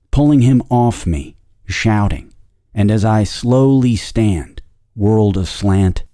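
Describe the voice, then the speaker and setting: A man's voice: low-pitched, mellow, no echo, clean studio sound. A man reading a short story in the first person, intense and obsessive, lingering over each word. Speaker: narrator.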